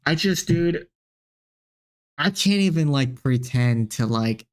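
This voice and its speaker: A man's voice: mid-range voice, lively intonation, slow. A man hosting a live stream, reacting to clips with profane, exasperated rants. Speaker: streamer host.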